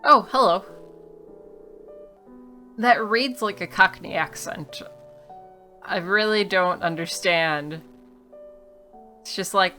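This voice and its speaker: A woman's voice: on the low side, unhurried, long pauses, bright, forceful tone, faint music behind. A woman giving casual, wry commentary on a game she is playing, reading the dialogue aloud and joking about it. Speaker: let's play streamer.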